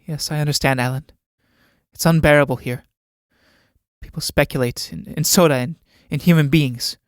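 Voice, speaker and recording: A man's voice: fairly high pitch, steady tone, normal speed, no room sound, lightly acted. An earnest young woman in a read-aloud play, her voice lifted well above a man's usual register. She presses with emphatic, urgent questions. A man acts her out on a dry, close recording. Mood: bitter.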